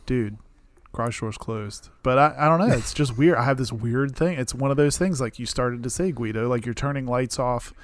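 A man co-hosting a casual podcast chat, talking in a relaxed storytelling way. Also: medium pitch, a little fast, hardly any pauses, dry recording. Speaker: podcast co-host.

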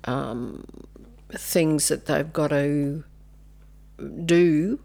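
Slow, low-voiced older woman. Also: vocal fry. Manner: slow, hesitant, with many ums and soft asides. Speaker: nun and retired educator guest. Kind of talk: casual podcast chat.

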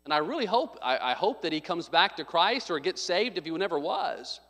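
A man's voice: high voice, sing-song, moderate pace, a bit bright. A man preaching a sermon, telling a story with joking asides and acting out what people said. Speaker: pastor. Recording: long hall reverb.

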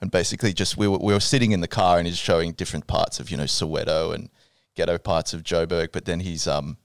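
A man, a band member guest telling tour stories, animated and swearing. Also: deep voice, quick pace, vocal fry, clear, resonant tone, no room sound, clean studio sound. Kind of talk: casual storytelling.

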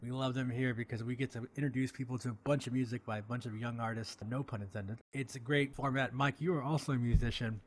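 A man's voice: mid-range voice, fairly even intonation, quick pace, few pauses, a little hiss or hum. A man hosting a podcast, casual and jokey, reading a sponsor spot and laughing often. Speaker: podcast host.

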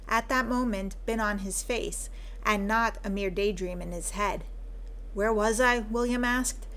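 A woman narrating a fan fiction story in an even, measured reading voice. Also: medium pitch.

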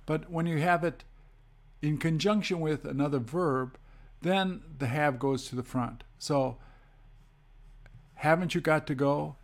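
A man teaching English grammar, explaining slowly and methodically and reading example sentences aloud. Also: on the high side.

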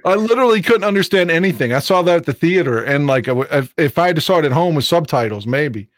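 An excitable man swears his way through casual football talk, rambling and restarting mid-thought. His voice sits a little high for a man, and the sound is dry and close with no room echo. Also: fast. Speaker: co-host of a sports fan show. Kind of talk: casual sports chat.

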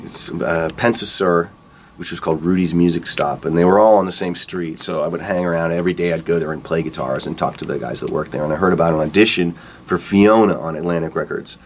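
A middle-aged man, a rock guitarist, casually telling stories about his career in a relaxed, rambling way. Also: deep voice, fast talker, slight background noise. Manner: relaxed, rambling, acts out quotes with laughs. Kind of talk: casual storytelling interview.

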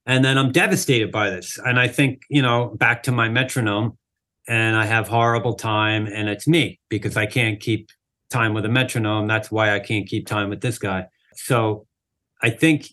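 A drummer appearing as an interview guest tells a casual story, sprinkling in lots of "like" and "you know." He's animated, acting out the people he quotes, and speaks at a medium pitch and normal speed.

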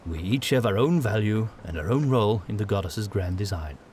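A man voicing a thoughtful, wary young male initiate who speaks in a quiet, measured way. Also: lowish voice, animated, a little hiss or hum, natural voice.

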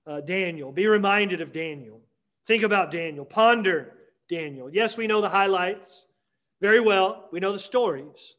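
A man preaching a Sunday morning sermon as pastor, emphatic with dramatic pauses and repetition. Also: sits high, a bit bright.

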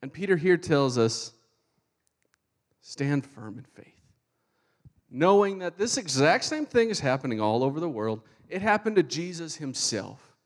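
A man preaching a sermon with animated, fervent delivery. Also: fairly high pitch, moderate pace, few pauses. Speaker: pastor.

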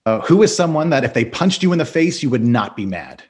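A man hosting a casual podcast interview, upbeat and quick to laugh. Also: medium pitch, big pitch swings, darkish tone, slightly rough. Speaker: podcast host.

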